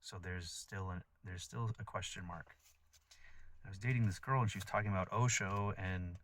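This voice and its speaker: A man's voice: sits low, steady tone, normal speed, a bit bright, a little hiss or hum. A man talking in a casual, rambling monologue, blunt and profane, full of fillers. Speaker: vlogger.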